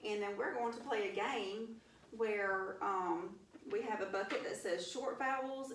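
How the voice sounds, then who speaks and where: A woman's voice: mid-range voice, roomy sound, recorded from a distance, background noise. A woman with a Southern US accent teaching young children a phonics lesson, upbeat and encouraging. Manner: upbeat, encouraging, addresses class with y'all. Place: classroom.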